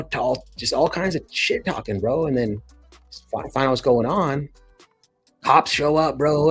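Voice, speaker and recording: A man's voice: medium pitch, breathy edge. A man hosting his channel in casual chat, telling a slangy, profane, rambling story. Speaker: channel host.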